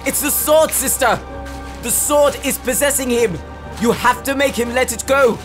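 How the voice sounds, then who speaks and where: A man voicing a frantic young ally who shouts urgent warnings in an audio drama role-play over clear music. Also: very high voice, normal speed.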